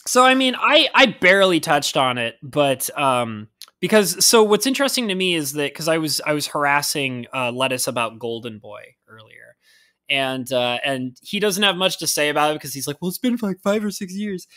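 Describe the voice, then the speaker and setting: Animated teasing podcast host guy. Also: a little high, normal speed. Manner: laughs a lot, teasing. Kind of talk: casual podcast chat.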